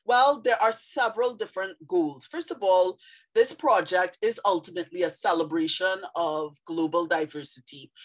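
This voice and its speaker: Vlog host, woman, lowish voice, measured and thoughtful delivery. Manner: measured, thoughtful, with occasional fillers. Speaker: YouTube channel host. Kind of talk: casual explanatory vlog.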